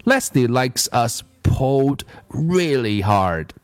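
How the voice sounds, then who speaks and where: A man's voice: medium pitch, sing-song, takes it slowly, dry recording. A man voicing a sly talking pigtail in a storybook reading, with a whiny, coaxing manner.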